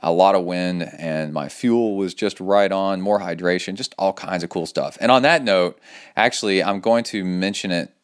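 Deep-voiced man, upbeat podcast host. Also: normal speed, smooth. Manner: loose and rambling, many fillers, upbeat and enthusiastic. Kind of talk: casual solo podcast talk with sponsor read.

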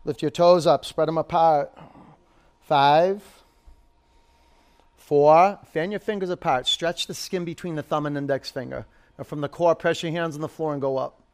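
A man's voice: a little high, fairly even intonation, moderate pace, smooth. A man teaching a live yoga class, calling out poses, counting down holds and coaching students by name.

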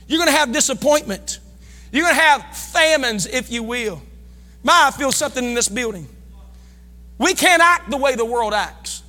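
A middle-aged Midwestern American man preaching in a church sanctuary, his voice very high for a man and sharply bright. He is folksy, shouting one moment and dropping to low asides the next. A long reverb trails every line. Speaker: pastor. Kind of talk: sermon.

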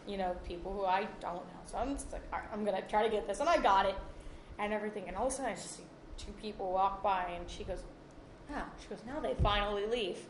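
A woman who works in EMS, telling a spirited story in casual chat and quoting others with lively voices. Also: medium pitch, quick pace, crowd noise. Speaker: EMS worker. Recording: echoey room with background noise.

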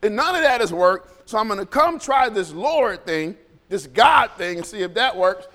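A man preaching a sermon in a church, animated and joking, often laughing as he talks. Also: high-pitched, normal speed, big-room sound. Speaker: pastor.

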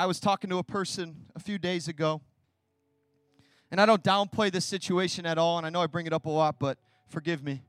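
A young man preaching a sermon as pastor, passionate, swinging from hushed asides to loud, ringing declarations. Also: high voice, no echo.

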